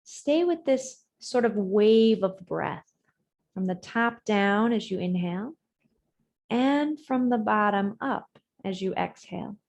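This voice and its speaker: A woman teaching an online yoga class, giving gentle, measured breathing cues whose words trail off softly, over a video call. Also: medium pitch, animated, gravelly. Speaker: yoga instructor. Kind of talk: guided breathing and yoga instruction.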